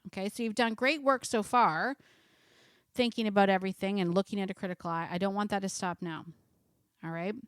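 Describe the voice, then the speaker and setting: A middle-aged woman talks through dog training in a lively, conversational way, asking listeners question after question. Her voice sits at an ordinary pitch for a woman and is recorded dry and close, with no room echo. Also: brisk, clean tone. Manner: lively, conversational, asks many rhetorical questions. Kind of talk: casual instructional talk to camera.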